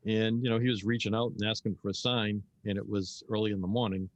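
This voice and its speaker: A quick-talking man co-hosting a podcast, with a jokey, casual manner. His voice sits low. The recording is dry, with no room sound. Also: steady tone, no room sound. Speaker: podcast co-host.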